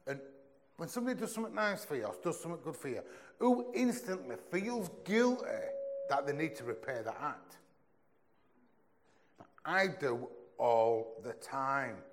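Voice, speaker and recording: A young man preaching a sermon in a conversational, earnest way, often dropping into a low, soft voice. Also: sing-song, moderate pace, background noise.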